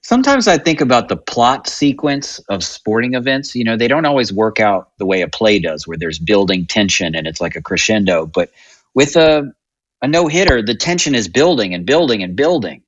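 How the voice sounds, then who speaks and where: A man with a fairly low voice hosts a podcast interview and muses thoughtfully between his questions. His recording is dry and a little dull. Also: very animated, normal speed, dry recording. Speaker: podcast host.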